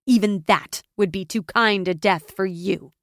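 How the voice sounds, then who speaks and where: A woman voicing a cold noblewoman whose voice climbs to a shrill, fearful pitch. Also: unhurried, no echo, clean studio sound, lightly acted. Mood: threatening. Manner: cold, rising to shrill rage.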